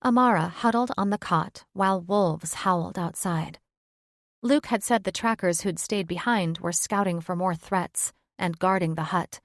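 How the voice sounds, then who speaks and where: A woman giving steady, scripted narration of a fantasy romance audiobook. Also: on the low side, normal speed, no room sound, studio quality.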